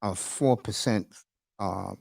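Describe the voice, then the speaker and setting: A man's voice: on the low side, slow pace, vocal fry, background noise. A man hosting a casual live stream, rambling and emotional, calling his listeners bro and folks. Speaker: livestream host. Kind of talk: casual livestream chat.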